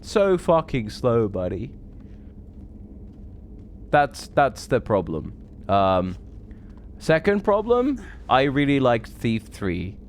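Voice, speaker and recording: This is live gameplay commentary from a thirtysomething man who talks casually with his chat, curses a lot, and drifts between thoughts. His voice sits in the mid-range and is very animated, though his pace is slow with long pauses, over slight background noise.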